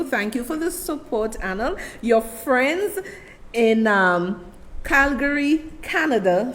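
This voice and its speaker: Saint lucian lady hosting a live show, chatty and pleading, kinda high voice. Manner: animated, emphatic, pleading, chatty. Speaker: talk show host.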